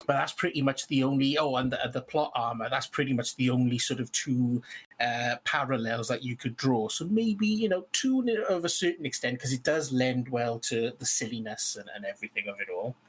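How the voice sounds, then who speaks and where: Male podcast co-host, mid-pitched voice, halting casual chat about tabletop games. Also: a bit bright, breathy edge. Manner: hesitant, many fillers and restarts.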